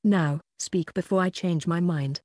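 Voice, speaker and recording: A narrator voicing a ruthless young male chef who threatens captives in a calm, cold way. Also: mid-range voice, unhurried, no echo, clean studio sound, lightly acted. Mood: menacing.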